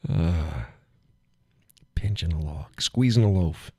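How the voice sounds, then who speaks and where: A man with a low, husky voice chats casually on his live stream. He rambles in a folksy way and chuckles often, and his voice sounds close and dry with no room echo. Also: animated, slow, dark tone. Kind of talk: casual chat with chat viewers.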